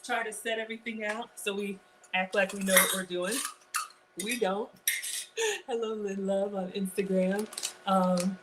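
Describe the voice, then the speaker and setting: A woman's voice: mid-range voice, measured pace, long pauses, heavy background noise. A woman in her forties from Ghana, hosting a casual live cooking stream from her home kitchen, chatting with viewers and poking fun at herself. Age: 40s. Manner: chatty and self-deprecating, greets viewers and reads their comments. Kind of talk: casual livestream cooking chat.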